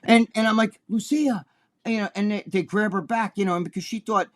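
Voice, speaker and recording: A man with a high voice tells a profane story on a talk show. He is animated and acts out the people he quotes as he complains. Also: quick pace. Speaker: co-host.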